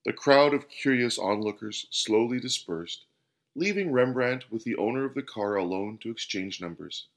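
A man hosting and narrating a scripted parable with an expressive reading. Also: mid-range voice, moderate pace. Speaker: host and storyteller. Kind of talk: scripted storytelling.

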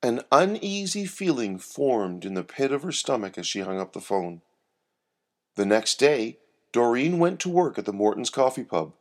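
A man narrating a scripted story in a measured, expressive reading. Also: mid-range voice.

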